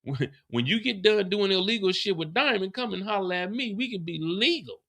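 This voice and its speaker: A man hosting a livestream, casually recapping a TV episode in an animated, profane, slangy way. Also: high voice, fairly quick, gravelly. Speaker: livestream host.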